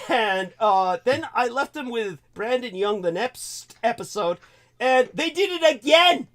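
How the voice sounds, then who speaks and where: A man hosting a call-in talk show, animated and swearing casually, laughing often. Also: very high-pitched, a little slow. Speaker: show host.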